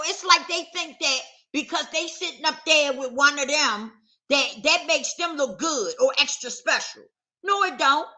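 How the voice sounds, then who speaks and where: A woman's voice: sits high, bright, forceful tone. A woman vlogger talking straight to camera in a casual, emphatic rant, circling back to the same points with heat. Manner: emphatic, repetitive, heated.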